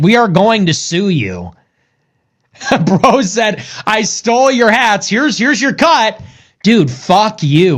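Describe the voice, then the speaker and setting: A man's voice: high-pitched, a bit bright. A man reacting to viewer messages on a stream with incredulous, mock-outraged joking.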